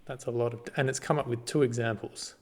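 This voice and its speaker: A man casually walks through a screen-recorded tutorial, relaxed and halting, with lots of ums and restarts. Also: medium pitch, slight background noise. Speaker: party volunteer giving a tutorial.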